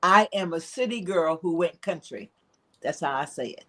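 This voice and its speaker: A woman guest recounts family history at an easy pace. She speaks reflectively, pausing with soft fillers as she gathers her thoughts. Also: lowish voice, lively intonation. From Philadelphia, living in South Carolina. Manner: reflective, storytelling with frequent "uh" pauses. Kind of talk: casual interview storytelling.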